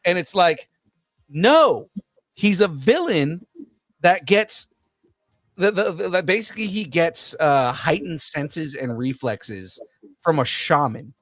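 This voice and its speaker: Brief: male co-host, animated rant with laughs, higher voice, dry close recording. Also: slow, no echo. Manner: ranting, laughs mid-sentence. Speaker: podcast co-host. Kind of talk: casual pop culture chat.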